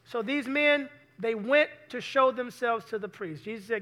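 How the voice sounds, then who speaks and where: A man preaching a sermon to a congregation in a lively way, often putting questions to the listeners. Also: very high voice, moderate pace. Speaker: pastor.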